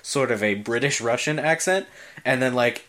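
A man's voice: medium pitch, moderate pace, a bit bright. A man co-hosting a casual video game podcast, chatty and often groping for words. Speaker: podcast co-host.

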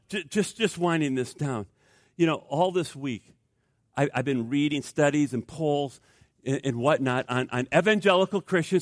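A man preaching an energetic sermon as a pastor, stammering restarts and acting out the people he quotes. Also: fairly high pitch, no room sound, studio quality. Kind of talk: animated sermon.

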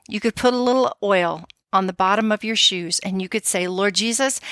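A woman's voice: medium pitch, no echo. Middle-aged woman, devotional prayer leader, encouraging and conversational, dry close sound. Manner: warm, encouraging, conversational with fillers. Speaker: prayer ministry leader for mothers. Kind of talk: devotional prayer and informal commentary.

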